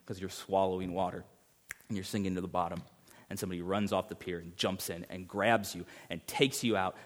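A man preaching a sermon as pastor, emphatic, swinging between urgent rises and hushed passages. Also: on the low side.

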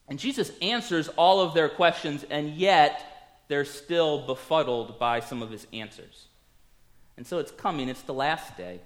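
A man preaching a sermon in a conversational way, telling the story with lively acted-out quotes. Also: fairly high pitch.

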